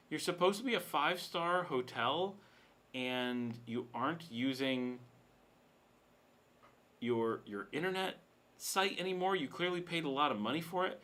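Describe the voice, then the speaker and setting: A man's voice: medium pitch, a bit bright. A middle-aged man hosting a casual live question-and-answer stream from his home, talking loosely and reading out viewer comments. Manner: chatty, reads viewer comments aloud, coos baby-talk to his dog. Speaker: livestream host. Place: home room with studio lights.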